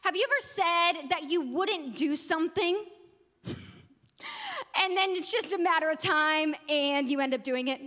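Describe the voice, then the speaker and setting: A woman's voice: very high voice, measured pace, long pauses, pushed and bright. A woman pastor giving a conversational sermon, laughing at her own jokes. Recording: long hall reverb.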